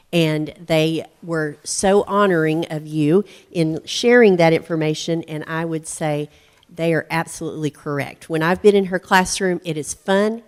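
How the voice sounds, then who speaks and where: A woman school administrator speaking at a board meeting, praising a teacher with frequent ums. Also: low-pitched. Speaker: school administrator presenting awards. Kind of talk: public speech at a board meeting.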